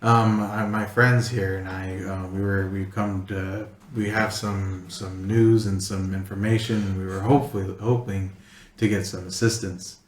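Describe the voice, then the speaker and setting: A man's voice: low voice, little pitch movement, moderate pace, natural voice. A man voicing a young recruit who speaks politely and hesitantly, stumbling over his words. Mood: deferential. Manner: hesitant, deferential, lots of fillers. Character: eager young male recruit, polite and unsure. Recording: roomy with faint noise.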